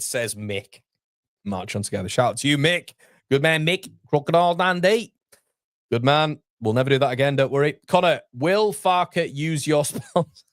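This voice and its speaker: A man's voice: lowish voice, no echo, studio quality. A man in his thirties with a Yorkshire accent, hosting a casual live football watchalong, chatty and calling everyone mate. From England. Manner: chatty, reads out chat messages, calls everyone mate. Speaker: fan channel host.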